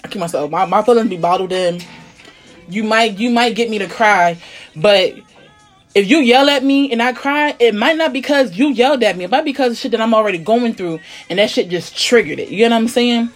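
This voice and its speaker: A woman in casual chat, talking bluntly and emphatically, often swearing, sometimes dropping to a low, quiet tone. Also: brisk, faint music behind. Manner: blunt, profane, emphatic venting; drops to a low, quiet tone to make a point. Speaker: conversation partner.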